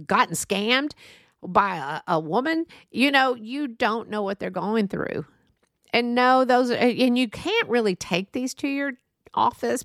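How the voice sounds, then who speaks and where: A woman's voice: medium pitch, no room sound, studio quality. A middle-aged woman hosting a solo podcast, talking earnestly and rambling off on tangents, then apologizing and coming back. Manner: earnest, many fillers and restarts. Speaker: podcast host. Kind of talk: casual solo monologue.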